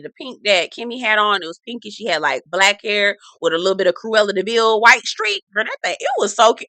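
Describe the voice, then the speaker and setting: A woman hosting a casual TV recap, sassy, animated and full of profanity. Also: mid-range voice, dry recording. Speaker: TV recap host. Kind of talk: casual chat.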